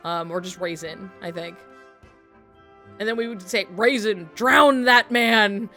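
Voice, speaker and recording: A woman's voice: on the low side, measured pace, a bit bright, faint music behind. A woman streaming at home while drawing, telling a long story to her chat in a rambling, casual way with lots of fillers and laughing asides.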